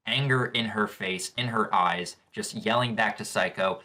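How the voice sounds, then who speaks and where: A man's voice: on the low side, fairly even intonation, moderate pace, few pauses, bright, forceful tone. A man hosting a live manga reaction video, eagerly describing each panel as he reads along. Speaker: manga reaction channel host.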